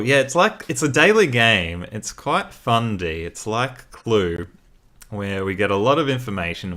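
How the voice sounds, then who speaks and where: Male streamer with a lowish voice; easygoing, talks through his guesses, quick to laugh. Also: fairly bright tone. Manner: chatty, thinks aloud, laughs often. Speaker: streamer and host. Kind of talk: casual livestream commentary.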